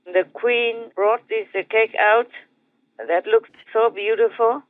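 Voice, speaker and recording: A man with an Indonesian accent, a spiritual master telling a teaching story in a gentle, repetitive way with soft chuckles. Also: sits high, fairly even intonation, takes it slowly, no echo. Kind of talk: storytelling dharma talk. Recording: tinny phone-like dry sound.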